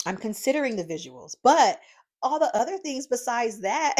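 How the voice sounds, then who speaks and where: Chatty, encouraging woman podcast host. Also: mid-range voice. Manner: lively, chatty, encouraging, calls listeners "y'all" and "child". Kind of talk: casual solo podcast monologue. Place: home office craft room.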